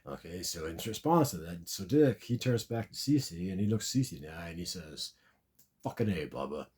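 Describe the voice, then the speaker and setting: A man's voice: sits low, animated, fairly quick, darkish tone. A man telling a long, rambling comic story about a dream, repeating and restarting his words often.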